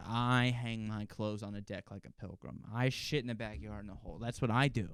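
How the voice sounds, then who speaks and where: Brief: male podcast host, solo monologue, rambling and profane, smooth clear voice, dry close sound. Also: lowish voice, steady tone, a little fast, no room sound.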